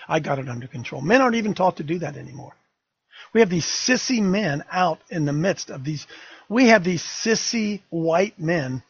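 A man's voice: high voice, slightly rough, highs cut off. An older man hosting a talk radio show, fiery, emphatic and rambling.

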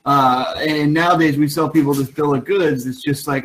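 A man's voice: a little high, fairly even intonation, normal speed, a bit bright, a little hiss or hum, rough recording. Earnest plainspoken man caller. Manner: earnest, plainspoken, some stammers. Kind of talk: casual talk radio call.

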